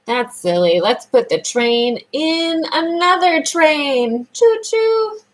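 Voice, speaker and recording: Slow, lively sing-song speech therapist woman. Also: high-pitched, low-quality recording. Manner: slow, sing-song praise for a child, drawn-out words. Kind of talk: children's speech lesson.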